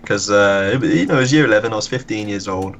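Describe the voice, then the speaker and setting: A man's voice: on the low side, fast, lo-fi sound, slight background noise. A young man chatting casually, swearing and laughing at his own school stories. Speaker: streamer. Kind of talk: casual chat.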